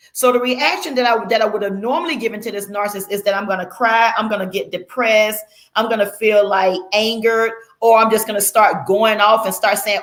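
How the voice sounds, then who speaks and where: A woman's voice: mid-range voice, fairly bright tone. Casual woman vlogger; conversational, rambling delivery with fillers and restarts. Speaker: Christian vlogger. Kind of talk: casual explanatory vlog.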